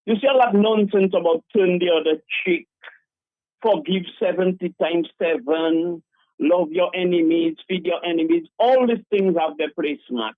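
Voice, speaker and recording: A man's voice: high-pitched, normal speed, dry recording. A man rants fierily and emphatically as a caller to a radio show. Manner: fiery, emphatic, preachy. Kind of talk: call-in rant. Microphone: telephone. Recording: tinny dry phone line.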